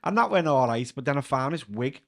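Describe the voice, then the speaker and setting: A man's voice: mid-range voice, lively intonation, brisk. A Liverpool-accented man guesting on a podcast, telling his stories in a loose, conversational ramble. He laughs easily and fills gaps with casual asides, in an everyday middle register. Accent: Scouse (Liverpool). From Liverpool, England. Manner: chatty, breaks into laughter, leans on filler "like". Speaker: guest comedian and actor. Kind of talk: casual anecdotal storytelling.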